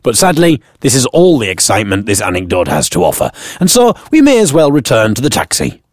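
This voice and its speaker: A British man telling a funny first-person story in a wry, self-mocking tone. His slightly husky voice rises and falls a lot, leaping high for emphasis and dropping low for deadpan asides, and it sounds close and dry with no room around it. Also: brisk, dry recording. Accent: British English. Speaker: blogger narrating his own story.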